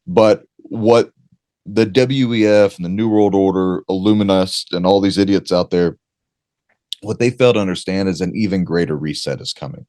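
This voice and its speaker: Deep-ish voiced host guy talking straight to listeners, dry close sound. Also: normal speed, dark tone, dry recording. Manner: direct, exhorting listeners. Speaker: podcast host. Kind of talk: casual podcast talk.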